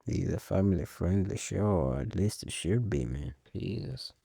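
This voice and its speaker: A man's voice: deep voice, animated, normal speed, creaky, warm tone, slightly rough, no room sound, studio quality. A man hosting a casual solo talk show, rambling in a laid-back way, swearing often and laughing at his own jokes. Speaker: podcast host.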